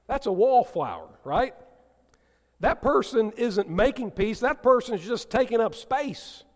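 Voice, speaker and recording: Male pastor, sermon, high lively voice, long church reverb. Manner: animated preaching, drops to soft gentle tones for emphasis; asks the congregation questions and teases a listener. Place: church sanctuary.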